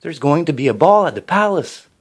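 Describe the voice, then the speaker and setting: A man reading a storybook, voicing a sly, cold middle-aged stepmother with slow, drawn-out words. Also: a little high, sing-song, pitched above the performer's own voice. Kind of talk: storybook character voice.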